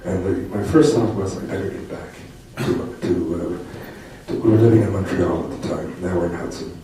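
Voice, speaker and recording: A man's voice: low-pitched, moderate pace, a crowd in the background. An older man, a poet and commentator, telling a personal story to an audience in a reflective, wry way with frequent restarts. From Canada. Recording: distant mic in a very echoey hall with noise.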